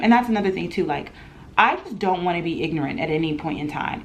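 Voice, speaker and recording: A woman's voice: on the low side, fast talker. Chatty young woman telling a storytime. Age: 20s. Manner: animated, chatty, lots of "like" and laughter. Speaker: vlogger. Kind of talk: storytime vlog. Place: at home in her apartment.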